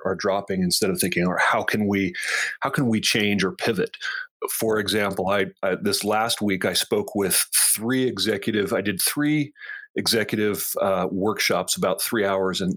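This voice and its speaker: Middle-aged man, coach and podcast co-host; low-ish, dry close sound; chatty, stumbling restarts. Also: fairly bright tone, no echo. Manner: halting, many restarts, explanatory. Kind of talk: casual conversational podcast.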